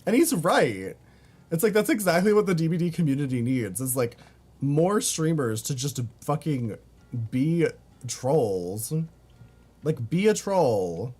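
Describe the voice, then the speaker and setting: Brief: male streamer from Baltimore, light Baltimore accent, swears freely, talks to chat in an animated up-and-down voice. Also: on the high side, unhurried, husky, soft background music. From Baltimore, USA. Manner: profane, chatty, reads chat aloud. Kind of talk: casual gaming stream chat.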